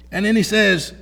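A man preaching a sermon as pastor, talking to the congregation in an energetic, conversational way with frequent restarts. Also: sits high, gravelly. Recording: hall reverb.

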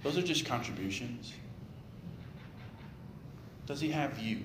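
A man's voice: medium pitch, lively intonation, slow. A male pastor giving a conversational sermon, tossing in jokes and rhetorical questions. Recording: echoey room with clear background noise.

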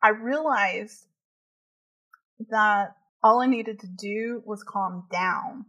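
A woman's voice: mid-range voice, takes it slowly, a bit bright, lo-fi sound. Chatty woman full of fillers. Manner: chatty, laughs often, many fillers. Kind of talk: casual chat.

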